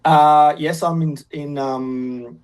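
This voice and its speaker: An Australian man answers interview questions as a guest musician, rambling and hesitant with frequent restarts. His voice sits slightly high for a man. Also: steady tone, slow pace, a little mellow, rough recording.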